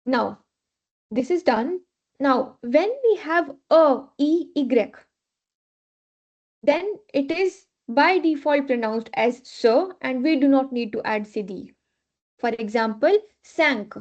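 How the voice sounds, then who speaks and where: A high-voiced woman takes her online class through French pronunciation rules, unhurried and patient. She repeats each point and keeps checking in with her students. The recording sounds dull and lo-fi. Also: lively intonation, a little mellow. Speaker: French teacher. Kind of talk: live online class teaching.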